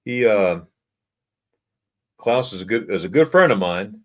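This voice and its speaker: Slow-talking American man hosting a livestream. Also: lowish voice, expressive. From United States. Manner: chatty, sounds out German words slowly. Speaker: livestream host. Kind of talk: casual live chat reading viewer comments. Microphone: computer mic for a livestream.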